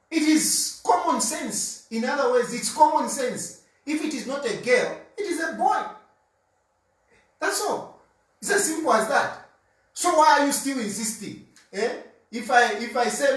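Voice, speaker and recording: A man's voice: high-pitched, a bit bright, far from the mic. Insistent Zambian man in an echoey room. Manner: insistent, repeats points for emphasis. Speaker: political commentator. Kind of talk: argumentative monologue.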